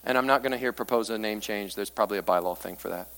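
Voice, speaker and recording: A male pastor preaching a sermon in a church sanctuary, swinging from hushed asides to fervent near-shouts. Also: fairly low pitch, fast talker. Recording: long reverb of a large church hall.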